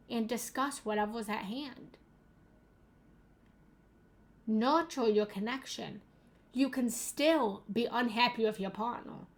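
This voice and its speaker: A young woman working as a relationship coach delivers a motivational talk to an audience, earnest and emphatic, often looping back to repeat a phrase. Her voice is fairly high. She speaks slowly and without hurry, letting each line land.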